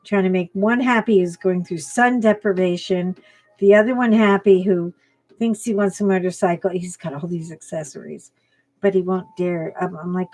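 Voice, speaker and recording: A woman's voice: on the low side, animated, normal speed, a little mellow. A middle-aged woman hosting a coloring channel, chatting and telling a family story with laughs while she colors. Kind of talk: casual chat while coloring.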